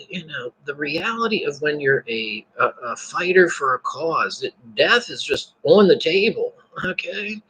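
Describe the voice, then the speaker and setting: A man's voice: fairly high pitch, bright, forceful tone, husky, poor audio. A man talking in a rambling, casual monologue to his viewers, often repeating words and restarting his sentences.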